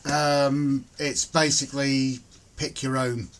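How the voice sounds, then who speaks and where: A man hosting a relaxed home livestream, chatting casually and greeting viewers by name. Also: mid-range voice, slow. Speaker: livestream host. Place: home, indoors.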